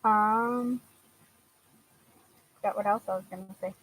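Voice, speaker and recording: A woman's voice: mid-range voice, steady tone, measured pace, a bit bright, breathy edge, rough recording. A young woman from Washington chatting casually to her viewers, hesitant with frequent fillers and laughs. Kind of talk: casual chat answering viewers.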